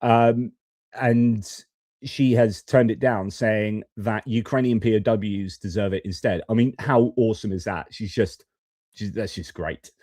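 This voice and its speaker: A man's voice: lowish voice, steady tone, unhurried, a little mellow, no echo. A man hosting a geopolitics live stream from his home studio, talking in a chatty, opinionated way with frequent fillers.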